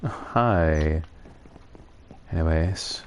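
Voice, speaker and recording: Male gaming streamer, very low voice, self-amused musing commentary. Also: very slow, slight background noise. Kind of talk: casual gameplay commentary.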